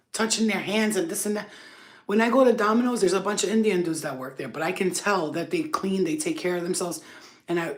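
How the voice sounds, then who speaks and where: A woman's voice: medium pitch, a little mellow. A woman of Albanian background hosting a spiritual healing channel, talking to camera in a blunt, profane, rambling way with many fillers. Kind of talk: casual unscripted rant to camera.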